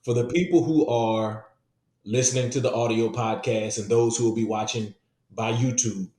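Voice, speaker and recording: A man's voice: mid-range voice, steady tone, normal speed, mellow. Host role: man with a mid-range voice, encouraging, recorded in an echoey room. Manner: encouraging, affirming. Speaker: podcast host. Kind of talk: interview hosting.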